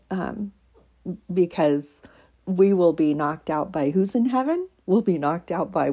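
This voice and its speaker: A woman's voice: on the low side, expressive, a little slow, mellow, husky. A woman giving a casual, earnest devotional talk to listeners, emotional and teary, with many fillers and frequent laughter. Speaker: faith podcaster.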